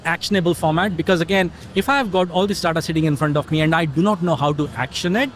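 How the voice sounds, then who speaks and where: Higher-voiced middle-aged man explaining. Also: quick pace, slight background noise. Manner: explanatory, tells stories with quoted dialogue. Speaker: interview guest, technology consultant. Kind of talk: casual conversational interview.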